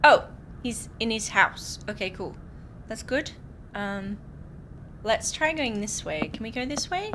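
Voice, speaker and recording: Bright, bubbly Australian woman. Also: a little high, very animated, a little slow, pauses often, a little hiss or hum. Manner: bubbly, giggly, chatty with viewers. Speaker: game streamer. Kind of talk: casual let's-play chat.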